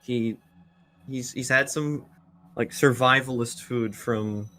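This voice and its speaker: A man's voice: medium pitch, steady tone, slow pace, pushed and bright. Laid-back man at a game table. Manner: laid-back, chuckling, loose. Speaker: player. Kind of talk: tabletop role-play chat.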